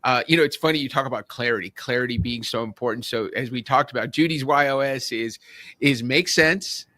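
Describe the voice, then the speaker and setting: Bright, dry-sounding male podcast host. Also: medium pitch, a little fast, no echo. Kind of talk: conversational interview.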